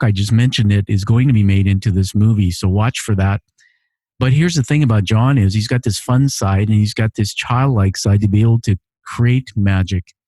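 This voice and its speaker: A man's voice: on the low side, mellow, dry recording. A man hosting his podcast from a home studio, reading listener messages in an earnest, emotional way and often repeating phrases. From immigrant to Canada. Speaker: podcast host. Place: home living room studio.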